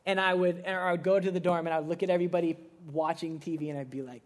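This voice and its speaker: A young man preaching a casual sermon, animated and conversational, acting out playful quotes. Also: high voice, racing, hardly any pauses. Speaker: pastor.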